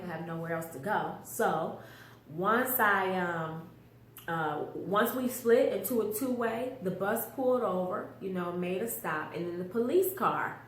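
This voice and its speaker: A woman's voice: medium pitch, unhurried, sharp tone. Mom telling her story, all heartfelt, kinda echoey room with a faint hum. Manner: emotional, earnest storytelling with quoted inner voices. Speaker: mother telling a personal story. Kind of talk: personal testimony. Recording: roomy echo with faint background hum.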